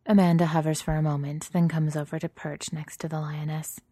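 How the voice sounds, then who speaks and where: A woman narrating a story in a steady, even reading voice. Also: low voice, a little fast, no echo.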